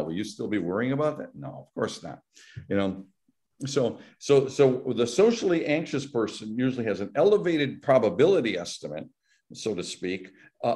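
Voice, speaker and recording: A male psychology professor gives an academic talk over a video call. He explains with frequent restarts and repeated words, in a voice of middling pitch. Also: a little mellow. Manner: explanatory, acts out patients' worried voices, many restarts.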